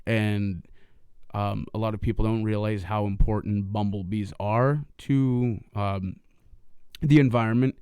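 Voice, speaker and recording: Low smooth guy rambling on a podcast, lots of ums, dry close sound. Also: steady tone, measured pace, darkish tone, dry recording. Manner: rambling, filler-heavy, laughs easily. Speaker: podcast co-host. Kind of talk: casual podcast chat.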